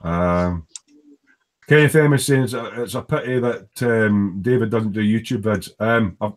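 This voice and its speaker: A man's voice: fairly low pitch, unhurried. Scottish man hosting a hobby chat. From Scotland. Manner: hesitant, many fillers and restarts. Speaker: host of a model-building live stream. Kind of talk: casual group chat.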